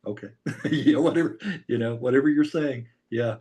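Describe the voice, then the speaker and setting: American male interviewer, relaxed chatty delivery, laughs easily. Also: medium pitch, a little fast. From United States. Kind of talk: casual interview chat.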